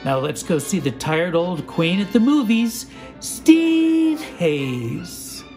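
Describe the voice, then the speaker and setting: Upbeat male announcer over soft music. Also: high voice, animated, moderate pace. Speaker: channel announcer. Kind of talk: show intro.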